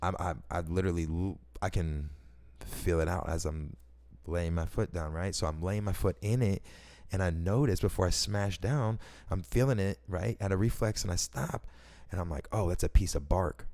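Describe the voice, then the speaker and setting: A man telling personal stories in a casual, rambling way, excitable and slangy, swearing often and restarting his sentences. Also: sits low, normal speed.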